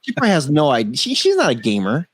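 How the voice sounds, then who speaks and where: A man's voice: a little high, wildly swooping pitch, fast, breathy edge, no echo. A man co-hosting a tech-news podcast, chatting casually, joking and cursing freely. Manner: loose, joking, laughs often, swears. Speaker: podcast co-host.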